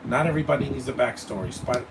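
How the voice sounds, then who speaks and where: A man's voice: medium pitch, fast, creaky. A man giving live movie commentary, blunt and opinionated, rambling and stammering over his words. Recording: distant mic with air-conditioning hum.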